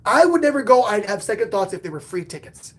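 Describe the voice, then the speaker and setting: A man with a fairly high voice talks through a live-stream sports show in a casual, unscripted way. He is excitable and swings between loud, punchy outbursts and quiet muttered asides. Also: fast. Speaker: podcast host and sports fan; bartender.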